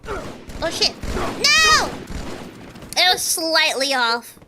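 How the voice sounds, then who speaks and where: A woman's voice: high voice, unhurried, heavy background noise. A woman streaming a shooter game, chatting casually, swearing and yelping at the action. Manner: excitable, swears and yelps at the game.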